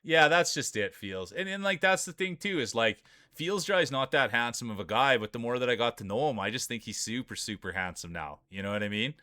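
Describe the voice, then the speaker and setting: A man's voice: mid-range voice, expressive, a little fast, hardly any pauses, sharp tone, dry recording, clean studio sound. Joking hype-man marble race streamer. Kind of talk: live marble race commentary.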